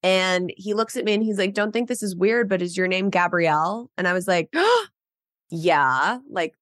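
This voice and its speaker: A woman hosting a podcast, telling stories in a casual, animated way with lots of filler words. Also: medium pitch, fairly quick, no echo, studio quality. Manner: animated storyteller, frequent "like" fillers. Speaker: podcast host. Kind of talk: casual chat.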